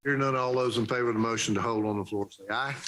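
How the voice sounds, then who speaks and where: A man serving as mayor, chairing a council meeting in a brisk, procedural way. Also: medium pitch, fairly even intonation, a bit bright, low-quality recording. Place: city council chamber.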